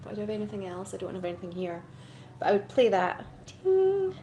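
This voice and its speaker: A woman's voice: medium pitch, little pitch movement, fast talker, warm tone, a little hiss or hum. A woman in a chatty, rambling and self-deprecating casual chat to camera, answering fan requests as an actress.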